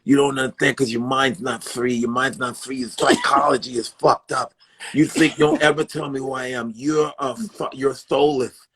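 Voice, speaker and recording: A man playing a menacing heavyweight boxer who rants, insults and threatens in a comic impression on a live stream, his pitch dropped below his usual voice. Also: fairly even intonation, moderate pace, fairly bright tone, breathy edge. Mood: menacing ranting. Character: menacing ranting heavyweight boxer, volatile and profane.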